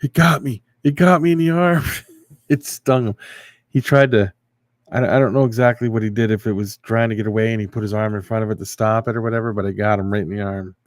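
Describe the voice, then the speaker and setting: A man's voice: lowish voice, fairly even intonation, quick pace, darkish tone, no echo, studio quality. A man hosting a casual livestream, answering viewers and rambling through a story. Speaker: livestream host.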